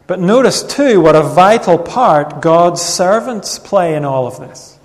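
A man preaching a sermon in an earnest, measured way, reading Bible passages aloud. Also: sits high, lively intonation. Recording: long reverb of a hall.

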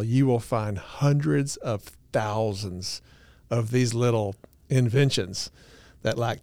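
A man's voice: medium pitch, a little mellow, smooth, dry recording. A man co-hosting a therapy podcast, explaining ideas in an earnest, easygoing way with dry self-deprecating humor. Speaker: podcast co-host, couples therapist. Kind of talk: casual podcast talk.

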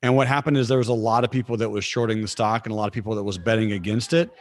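A man's voice: fairly low pitch, fairly even intonation, very fast, dry recording, clean studio sound. A man who trades stocks, speaking as a podcast guest and patiently explaining things in a friendly way, with easy laughs. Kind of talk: explanatory interview talk.

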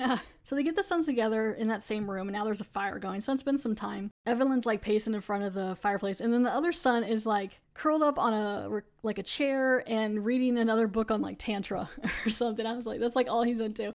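A woman's voice: a little high, a little fast. A woman hosting a podcast, recapping an episode in a chatty way, laughing often. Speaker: podcast host.

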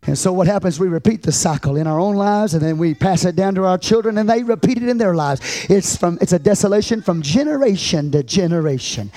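A man preaching a sermon as pastor, swinging between shouted peaks and hushed, low passages. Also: lively intonation, fast, few pauses. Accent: Texan.

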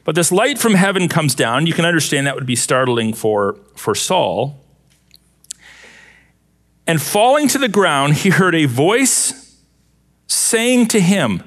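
A male pastor preaching a sermon, expressive and using vivid rhetorical questions. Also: fairly high pitch, measured pace.

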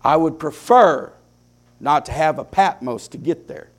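A man preaching a sermon, with impassioned swings between hushed, quiet lines and loud climaxes, drawing his phrases out slowly. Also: on the high side, expressive. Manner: slow, deliberate preaching with drawn-out phrases.

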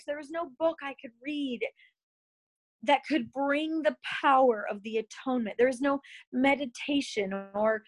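A woman's voice: sits high, steady tone, normal speed, poor audio. A woman in her thirties telling a personal faith story about motherhood in a candid, chatty way, full of fillers and emotional asides.

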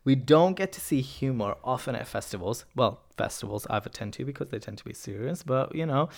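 Enthusiastic male podcast host, casual solo chat, mid-range voice, quick to correct himself. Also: medium pitch. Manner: enthusiastic, chatty, self-correcting.

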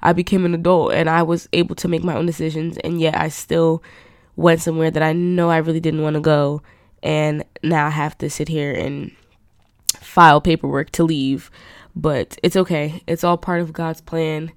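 A woman's voice: deep voice, little pitch movement, moderate pace, dry recording, clean studio sound. A young adult woman hosting her own podcast, chatting candidly in a rambling way with lots of fillers. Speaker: podcast host. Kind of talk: casual solo podcast chat.

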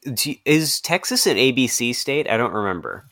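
A man co-hosting a podcast, talking in a tired, deadpan, rambling way. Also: mid-range voice, fairly quick. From Virginia. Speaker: podcast co-host. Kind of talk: casual chat.

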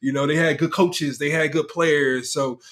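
A man chats about sports in a loose, rambling way, filling his sentences with "like" and "you know." His voice sits somewhat high. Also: steady tone, normal speed, a bit bright. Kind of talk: casual sports chat.

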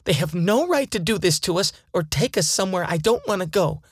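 A woman's voice: fairly low pitch, lively intonation, fairly quick, husky, no room sound, studio quality. A woman playing a frightened woman taken by aliens, her fearful pleading turning into angry defiance. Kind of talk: dramatized first-person account.

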